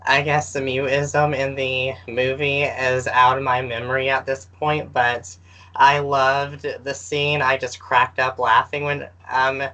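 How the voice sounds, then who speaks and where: Bright-voiced self-deprecating woman co-host. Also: a bass voice, flat delivery, a little slow, rough recording. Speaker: podcast co-host. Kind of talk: casual podcast chat.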